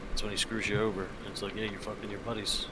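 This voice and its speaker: A man's voice: fairly low pitch, flat delivery, fast talker, noisy background. A man on a live stream telling jokey stories in casual chat, swearing freely and laughing at himself.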